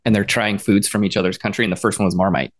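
A man's voice: on the low side, fairly even intonation, fast. A man co-hosting a podcast, chatting casually and telling rambling stories. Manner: rambling storyteller, reads labels aloud. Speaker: podcast co-host. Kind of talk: casual chat.

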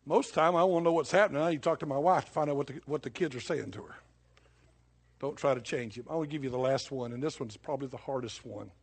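Husky older preacher, folksy. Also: male voice, mid-range voice, fast. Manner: folksy, conversational storytelling with sudden bursts of emphasis. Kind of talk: sermon.

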